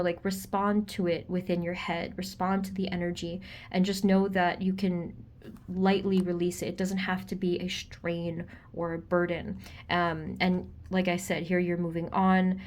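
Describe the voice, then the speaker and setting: Gentle chatty woman reading tarot. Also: on the low side. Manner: gentle, reassuring, with frequent ums and likes; laughs easily, chatty. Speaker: tarot reader. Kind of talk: pick-a-card tarot reading to viewers.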